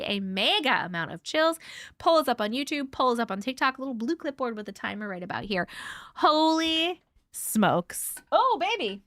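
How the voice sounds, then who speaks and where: A woman chats on a live stream, her voice a touch high and bright, a little worn from talking. She swears and laughs easily. The sound is close and completely dry. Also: no echo. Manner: chatty, swearing, laughs often. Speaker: host. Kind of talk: casual live-stream chat.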